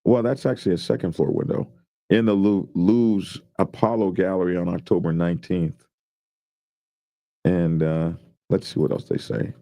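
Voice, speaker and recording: A man's voice: sits low, fairly even intonation, moderate pace, mellow, no room sound. A man casually reading news stories aloud and joking about them with his co-hosts. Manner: reads headlines aloud then riffs jokingly. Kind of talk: casual news commentary chat.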